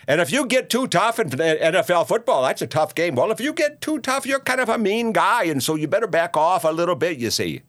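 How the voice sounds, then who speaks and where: In a high-pitched, somewhat bright voice, an actor performs a comedic monologue as a rambling, boastful older man, a former radio talk show host with a Minnesota accent. The delivery is folksy and peppered with "you see" and "uh."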